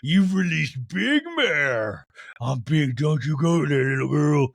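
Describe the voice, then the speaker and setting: A man putting on a furious woman reality star, shouting slow, drawn-out threats. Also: a little high, lively intonation, creaky, no echo, clean studio sound, full character voice.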